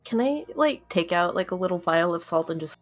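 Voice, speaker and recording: A woman's voice: lowish voice, animated, a little fast, soft background music. A woman player in a tabletop game, speaking in a laid-back, dry manner.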